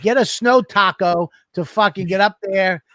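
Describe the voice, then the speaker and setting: A man co-hosting a comedy podcast, swearing his way through a lively story on a studio microphone. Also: high voice, measured pace, no room sound. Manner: animated, swearing constantly, acts out scenes. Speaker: podcast co-host.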